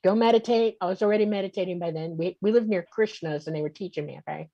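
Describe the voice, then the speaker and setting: A woman's voice: on the low side, fast, creaky, warm tone, no room sound, lo-fi sound. A woman in her sixties, a guest vividly telling her own encounter story in casual interview talk.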